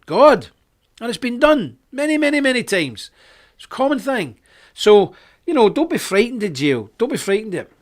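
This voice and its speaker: A middle-aged man, hosting a live web show in a forceful, preachy way with sudden bursts of emphasis. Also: very high voice, sing-song, moderate pace. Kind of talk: live-streamed preaching talk.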